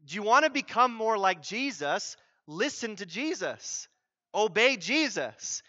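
A man's voice: sits high, big pitch swings, unhurried, pushed and bright, dry recording, muffled recording. A man preaching a sermon as pastor, conversational and emphatic, acting out what people say.

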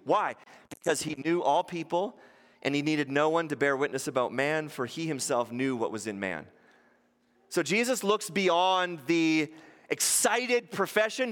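Male pastor, high voice, preaching with rhetorical questions in a church hall with long reverb. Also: expressive, moderate pace, fairly bright tone. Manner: rhetorical questions, acts out quotes in shifting voices. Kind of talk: sermon.

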